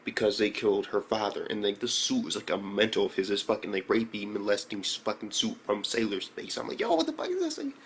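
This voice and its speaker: A young man giving a casual, profane, excitable recap of an anime episode, often breaking into high exclamations. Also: a little fast, few pauses, a little hiss or hum. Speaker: anime reviewer.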